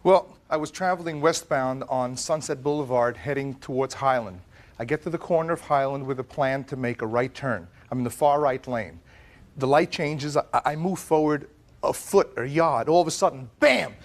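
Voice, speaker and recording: A man giving animated, emphatic testimony as plaintiff on a televised courtroom set. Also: mid-range voice, moderate pace.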